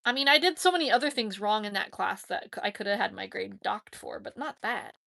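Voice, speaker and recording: A woman hosting a casual question-and-answer chat, talking in a rambling, chatty way with lots of "like" and quick laughs. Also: medium pitch, animated, vocal fry, sharp tone. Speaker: host answering viewer questions.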